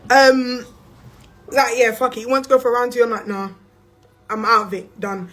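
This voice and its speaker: Blunt slangy London woman with a higher voice. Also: moderate pace, soft background music. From England. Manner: blunt and profane, slangy, animated with bursts of laughter. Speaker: influencer on a livestream. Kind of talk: storytime on a livestream.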